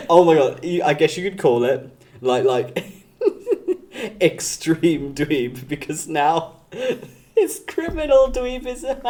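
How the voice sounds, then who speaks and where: A live streamer with a fairly high, darkish voice chats casually with his audience. Giggly and playful, he teases viewers by name and laughs frequently.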